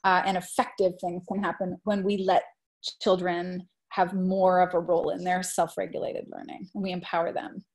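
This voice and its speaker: A woman presenting on education in a webinar, answering questions earnestly and reflectively, warming into animated storytelling. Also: lowish voice, moderate pace. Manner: earnest, reflective, often hedging with "I think"; grows animated when retelling classroom stories. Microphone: video call.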